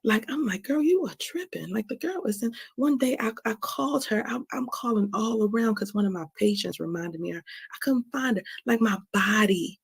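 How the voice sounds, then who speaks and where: A woman's voice: medium pitch, a little fast, vocal fry, few pauses, breathy edge. A woman hosting her own stream, talking candidly and emotionally about forgiveness, with a frank, confessional way of speaking that repeats phrases and often asks "right?". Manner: frank, emotional, confessional, swears now and then. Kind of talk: candid personal talk on forgiveness.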